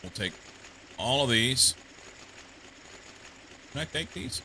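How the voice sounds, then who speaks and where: A man from the United States streaming a game, thinking aloud in casual commentary, a little congested and quick to laugh. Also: mid-range voice, lively intonation, sharp tone, a little hiss or hum. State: slightly congested.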